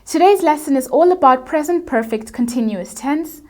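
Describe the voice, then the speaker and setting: Woman, high voice, English teacher, clear measured explanations, scripted grammar lesson. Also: lively intonation.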